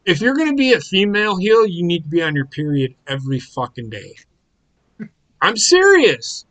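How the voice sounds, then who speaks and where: A man's voice: high voice, big pitch swings, moderate pace, fairly bright tone, low-quality recording. A man co-hosting a casual live watch-along chat, ranting in a heated, profane way. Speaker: podcast co-host.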